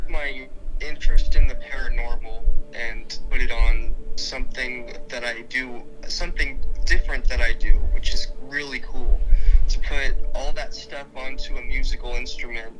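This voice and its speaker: A man guest casually telling a personal story, relaxed and rambling. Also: mid-range voice, normal speed, over music, low-quality recording. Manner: relaxed, rambling, many fillers.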